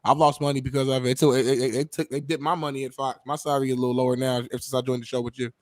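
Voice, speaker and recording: A man's voice: medium pitch, flat delivery, very fast, no echo, clean studio sound. A man co-hosting a sports podcast, earnest in casual chat, often restarting his sentences. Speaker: co-host.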